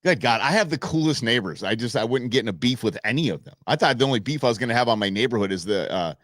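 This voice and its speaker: A man's voice: mid-range voice, fast, dry recording. Rambling storytelling man, dry sound. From Southern California and Arizona. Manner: rambling, animated anecdote with folksy idioms. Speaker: live show host. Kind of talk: casual storytelling on a live stream.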